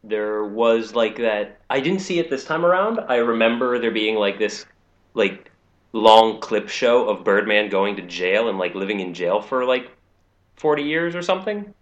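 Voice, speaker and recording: A laid-back man co-hosts a podcast, hesitating often and laughing easily. His pitch swings widely, and his microphone sounds dull and lo-fi. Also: expressive, moderate pace. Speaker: podcast co-host. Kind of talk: casual chat.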